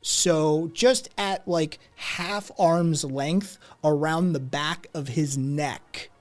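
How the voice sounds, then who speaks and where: Slow, measured male game master. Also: fairly high pitch, faint music behind. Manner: unhurried, descriptive, with fillers. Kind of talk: narrating a tabletop game.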